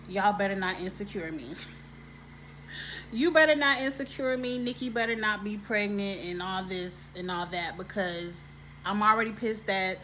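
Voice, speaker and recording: A woman gives a casual, sassy TV episode recap. She is animated and quick to laugh, at a middle pitch. A faint hiss of noise sits under her voice. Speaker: TV show reviewer.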